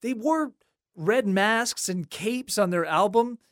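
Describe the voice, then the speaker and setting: Speaking slowly in a mid-range voice, a host narrates a scripted story from music history with a conversational, gently wry touch and lively, animated delivery. The mic is close and dry, with no echo or room sound.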